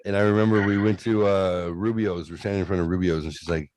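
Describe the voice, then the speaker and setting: A man's voice: low voice, steady tone, fast talker, few pauses, darkish tone, dry recording. A man in casual podcast chat, talking bluntly with frequent swearing and acting out what others said. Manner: blunt, swears freely, acts out quoted voices. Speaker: co-host.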